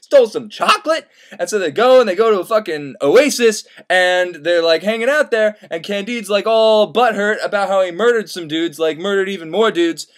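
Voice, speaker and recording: A young man retelling a classic story as comedy in a rambling, profane, excitable way. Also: high voice, normal speed. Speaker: host.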